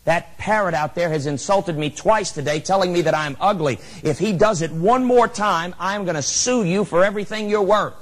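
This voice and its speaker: A man's voice: sits high, moderate pace, hardly any pauses, a bit bright, pitched above the performer's own voice. A man voicing a fed-up woman complaining to a shop owner, indignant and threatening, into a handheld microphone. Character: fed-up woman insulted by a parrot.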